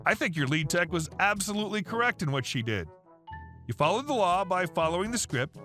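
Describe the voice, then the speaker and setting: A man narrating reddit stories aloud in an animated storytelling manner. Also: sits high, brisk. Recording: faint background music.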